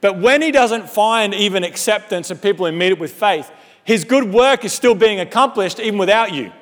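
A male pastor with a high voice preaches at a moderate pace, addressing the congregation like friends in an animated, conversational way. He drops in humorous asides, and his words fade into the long reverb of a large church auditorium.

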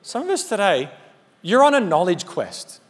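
A male pastor delivers a sermon in a high voice, talking to the congregation like friends and slipping in humorous asides. His words trail off into the long reverb of a large church auditorium. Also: normal speed. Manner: animated conversational preaching with humorous asides.

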